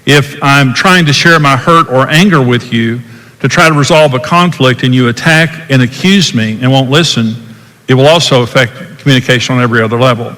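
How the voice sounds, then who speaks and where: A man's voice: mid-range voice, fairly quick, bright, forceful tone, long reverb tail, poor audio. An older man giving a folksy teaching talk on marriage, repeating himself and acting out different tones of voice.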